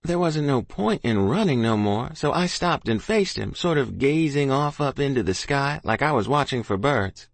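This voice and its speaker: A man's voice: mid-range voice, lively intonation, moderate pace, vocal fry, hardly any pauses, no echo. A man narrating a first-person story in a folksy rural dialect. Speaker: audiobook narrator.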